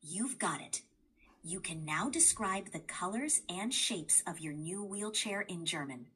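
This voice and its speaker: A woman's voice: lowish voice, measured pace, slightly rough. A woman's voice, computer-made, guiding a language lesson in a patient, encouraging way. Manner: patient, encouraging, even-paced. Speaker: language tutor assistant.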